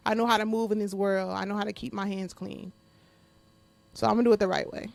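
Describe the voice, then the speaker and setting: A woman's voice: medium pitch, fairly even intonation, fast, creaky, dry recording. A woman hosting her podcast in a casual monologue. She talks bluntly with lots of profanity, speaks straight to her listeners and often laughs while venting. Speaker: podcast host.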